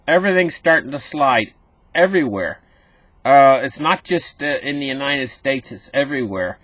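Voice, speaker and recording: A man's voice: medium pitch, animated, normal speed, fairly bright tone, dry recording, muffled recording. A man hosting a casual market commentary, talking straight to his viewers and repeating himself as he goes. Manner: talks to viewers as "guys", repeats words, rambly.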